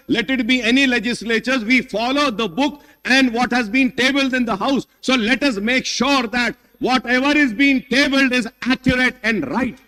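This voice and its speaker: A man's voice: very high-pitched, sharp tone. A middle-aged man with an Indian English accent giving an emphatic speech in a legislative assembly debate. He keeps addressing the chair as "sir" and moves between English and Hindi. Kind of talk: parliamentary speech. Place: large legislative chamber. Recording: long hall reverb.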